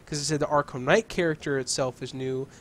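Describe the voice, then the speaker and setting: A man's voice: fairly high pitch, fairly quick, slight background noise. Young man in profane casual game chat. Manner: loose and profane, laughs easily, excitable. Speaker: gaming channel co-host.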